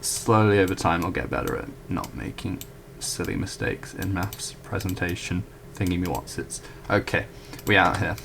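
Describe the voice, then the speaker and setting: Low gravelly young man explaining math. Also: moderate pace, few pauses, a bit bright, a little hiss or hum. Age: young adult. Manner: chatty, self-correcting, apologetic asides. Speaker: student tutor. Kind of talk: casual whiteboard math walkthrough.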